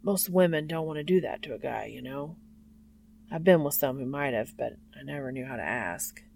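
A man's voice: mid-range voice, normal speed, gravelly, darkish tone, a little hiss or hum, close to an everyday voice. A woman voicing an overwhelmed young man who gasps, stutters and pleads breathlessly. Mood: breathless pleading.

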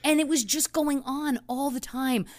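A woman's voice: high voice, fairly even intonation, moderate pace, a little mellow. Chatty indignant podcast woman. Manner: chatty storyteller, indignant asides. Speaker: podcast co-host. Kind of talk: casual true crime podcast chat.

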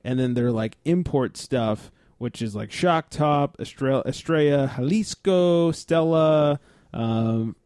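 A man's voice: medium pitch, takes it slowly, a little mellow, no room sound, studio quality. A man hosting a beer podcast, chatting through the news and laughing as he reads stories aloud.

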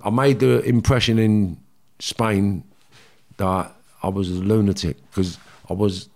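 A man, a guest telling blunt, animated stories in a casual interview and swearing freely. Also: fairly low pitch, unhurried, gravelly.

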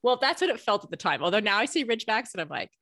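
Woman podcast co-host, lively storyteller, laughs a lot, dry sound. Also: medium pitch, racing, no echo. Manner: chatty storytelling, laughs often. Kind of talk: casual chat.

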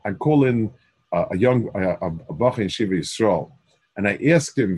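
A man's voice: fairly low pitch, expressive, quick pace, a little mellow, slightly rough. An older man teaching a Torah class, mixing Hebrew phrases into English with frequent restarts.

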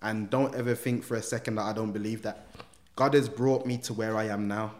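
A man, a guest in a podcast interview, telling his life story in street slang with lively quoted dialogue. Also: on the low side, fairly quick. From England. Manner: street slang, animated retelling with acted quotes. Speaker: guest, reformed gang member.

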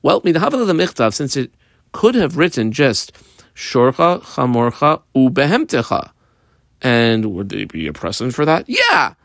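A man teaching a Talmud page, explaining and questioning with animated energy. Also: medium pitch, moderate pace, creaky, dry recording, clean studio sound. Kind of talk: daf yomi lesson.

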